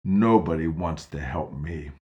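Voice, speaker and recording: A man's voice: fairly low pitch, lively intonation, measured pace, muffled recording. A man voicing a bitter, grumbling lame man who complains that nobody helps him, in a storybook tale.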